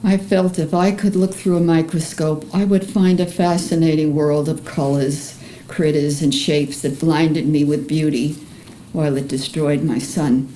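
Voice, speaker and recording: An older woman with a Bronx accent, an artist reading a personal memoir aloud in an earnest, emotional, measured way. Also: low-pitched, fairly even intonation, mellow, slight background noise, rough recording. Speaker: artist presenting her paintings.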